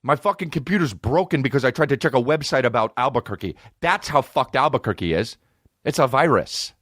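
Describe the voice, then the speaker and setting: A man hosting a comedy podcast, ranting in a profane, animated way that swings from loud outbursts to low mutters. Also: brisk, no room sound, clean studio sound.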